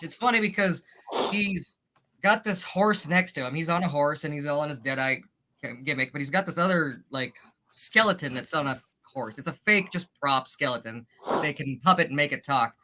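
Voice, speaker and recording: Chatty man with a bright voice. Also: fairly high pitch, normal speed. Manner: chatty, laughs often, says "like" a lot. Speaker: guest. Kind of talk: casual online chat.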